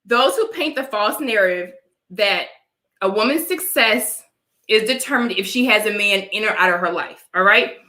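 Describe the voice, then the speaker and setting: A woman's voice: medium pitch, animated, normal speed, pushed and bright, reverberant, low-quality recording. A young adult woman with a dry cough from allergies, preaching her opinions to live chat and often asking "all right?". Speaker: vlogger talking to live chat. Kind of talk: casual opinion livestream.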